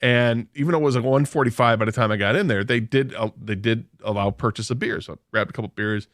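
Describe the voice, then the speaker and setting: A man on a radio show rambles through a funny story at his own expense, with a middle-pitched voice and plenty of restarts. The studio sound is dry and close, with no room echo. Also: quick pace, a bit bright. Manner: rambling anecdote with self-deprecating humor and frequent restarts. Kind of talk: casual storytelling on sports radio.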